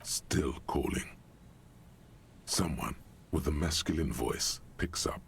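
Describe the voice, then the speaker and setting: An actor playing a calm game narrator, measured and matter-of-fact. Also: male voice, a bass voice, vocal fry, whispered, heavily acted. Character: calm deep-voiced male game narrator.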